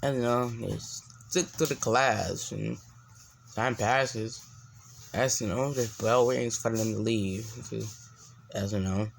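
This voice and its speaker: A man narrating an improvised story in a slow, unhurried way. His voice has a gravelly grain, and he wanders through his sentences with restarts and filler, backed by a faint hum of background noise. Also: mid-range voice, steady tone. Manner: rambling, full of restarts and fillers.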